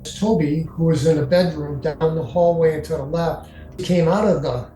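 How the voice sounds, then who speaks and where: A man's voice: fairly high pitch, dark tone. Older man telling his story, echoey. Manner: halting, with frequent fillers. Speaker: interviewee recounting his experience. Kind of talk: first-person storytelling. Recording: echoey room with faint music.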